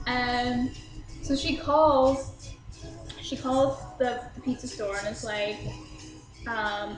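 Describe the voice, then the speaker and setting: A woman's voice: fairly high pitch, fairly even intonation, unhurried, reverberant, music in the background, low-quality recording. A young woman casually telling a drunk story to her viewers, chatty and swearing freely, laughing at herself. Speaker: vlogger.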